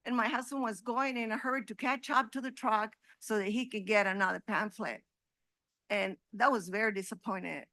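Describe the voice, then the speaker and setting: Indignant woman with a bright, dry voice. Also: mid-range voice, steady tone, moderate pace, dry recording. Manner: indignant, rambling complaint. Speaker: public commenter. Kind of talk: public comment at a council meeting.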